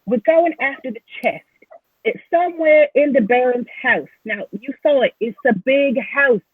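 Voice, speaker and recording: A woman's voice: sits high, moderate pace, breathy edge, dry recording, voice pushed up. A woman voicing a plucky halfling girl thief who lays out a heist plan in chatty, slangy talk. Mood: scheming. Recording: tinny phone-like line.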